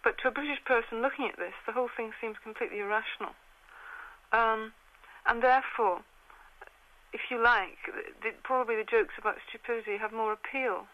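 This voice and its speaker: Woman commentator, measured and hesitant, tinny phone-like sound. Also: fairly high pitch. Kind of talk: analytical commentary.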